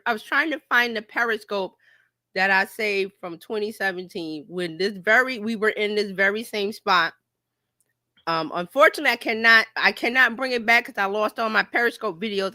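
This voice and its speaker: A woman hosting a casual livestream chat as a marketing coach, talking in an animated way and slipping into playful quoted voices. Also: medium pitch, dry recording, clean studio sound. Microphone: home streaming mic.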